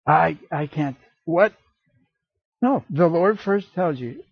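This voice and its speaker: Animated male preacher, husky voice. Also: fairly high pitch, slow, no echo, lo-fi sound. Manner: animated, acts out voices and asides with jokes. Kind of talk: sermon.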